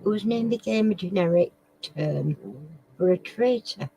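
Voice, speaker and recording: A woman's voice: medium pitch, measured pace, warm tone, slight background noise, low-quality recording. A woman hosts a casual live quiz. She reads questions aloud, stumbles over words, and chats with viewers by name. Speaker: live stream quiz host.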